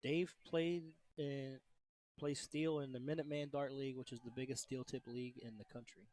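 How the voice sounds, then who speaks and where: A man adds color commentary to a live darts stream, easygoing and quick to joke. His voice has an average pitch. It is recorded dry and close, with no room echo. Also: fairly even intonation, darkish tone. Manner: easygoing, laughing banter.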